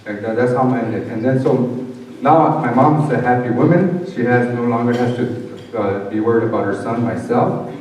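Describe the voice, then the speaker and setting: Male speaker, animated storytelling testimony, echoey hall, distant mic. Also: mid-range voice, moderate pace, slight background noise. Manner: animated storyteller, acting out dialogue. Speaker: conference speaker. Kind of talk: personal testimony speech. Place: conference hall.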